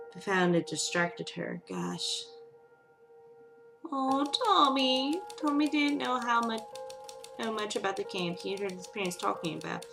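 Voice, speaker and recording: A woman's voice: mid-range voice, vocal fry. A woman gamer doing let's play commentary, reacting emotionally with frequent exclamations and reading the game's text aloud.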